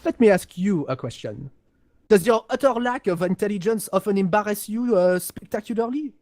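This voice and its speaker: A man's voice: sits high, lively intonation, moderate pace, darkish tone, no room sound, pitched above the performer's own voice. A man voicing an arrogant, snobbish male aristocrat with a French accent, condescending and insulting, over voice chat. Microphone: voice chat headset.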